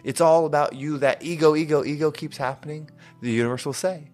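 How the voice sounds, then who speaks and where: A man's voice: fairly high pitch, fairly quick, a little mellow. A man hosting a motivational podcast, speaking in an earnest, emphatic and repetitive way. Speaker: podcast host. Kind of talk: motivational monologue. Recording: faint music underneath.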